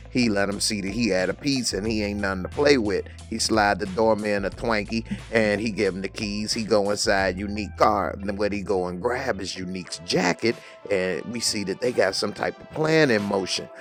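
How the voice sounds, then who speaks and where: A TV recap reviewer gives a lively, slangy retelling of an episode, quoting the characters as he goes. His voice is lowish and a little fast with hardly any pauses, with faint music in the background.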